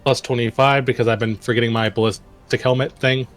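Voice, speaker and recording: A man's voice: mid-range voice, little pitch movement, a little fast, a bit bright, faint music behind. A man playing a tabletop game, chatty and hesitant, often asking how the rules work. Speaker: player. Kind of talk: casual tabletop play.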